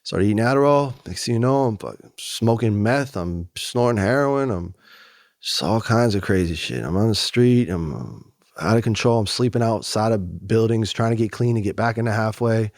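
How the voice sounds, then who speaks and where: A man telling his story in a candid, animated conversational way, often slipping in "you know" and "man". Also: on the low side, moderate pace, no echo, clean studio sound. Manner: animated, acts out other voices, frequent "you know" and "man". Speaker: guest.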